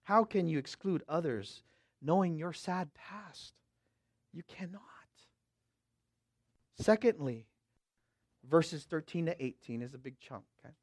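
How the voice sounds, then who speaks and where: A middle-aged pastor from the West Coast preaching a sermon, dropping to quiet asides and rising to loud, slow proclamations while checking in with "amen?" and "okay?". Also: male voice, on the high side, expressive, dry recording, clean studio sound. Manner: swings from hushed asides to loud, drawn-out proclamation; asks the crowd for response with "amen?" and "okay?".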